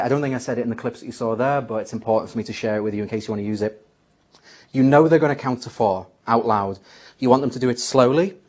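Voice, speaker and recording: A man's voice: mid-range voice, darkish tone. A man teaching a magic trick step by step, acting out the lines he says to a volunteer. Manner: explains step by step, acts out his patter lines. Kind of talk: spoken tutorial.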